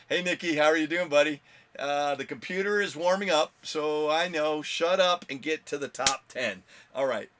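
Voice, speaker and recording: Casual male vlog host, somewhat high voice, loose rambling delivery. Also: fairly bright tone. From United States. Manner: rambling, chatty, with fillers and laughs. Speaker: comic book channel host. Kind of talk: casual video blog chat.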